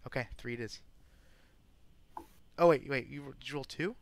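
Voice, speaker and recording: A man narrating as game master in an online tabletop game, talking in halting bits with many restarts. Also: medium pitch.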